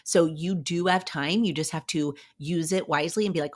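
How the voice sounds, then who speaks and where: A woman in her younger adult years hosts a podcast in an upbeat, chatty, encouraging way. Her voice sits a little low for a woman, and she drops into playful asides as she talks straight to the listener. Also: moderate pace. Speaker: podcast host. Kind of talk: casual motivational talk.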